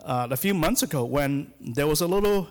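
A man's voice: on the high side, expressive, moderate pace. A middle-aged man, a hospital chaplain giving a sermon in a church, speaking hesitantly with many fillers and restarts. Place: church sanctuary. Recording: long hall reverb.

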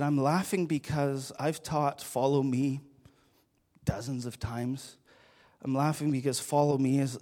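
Middle-aged guy pastor giving a sermon, earnest storytelling, slightly high voice. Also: a little mellow. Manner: earnest storytelling, conversational with rises in intensity.

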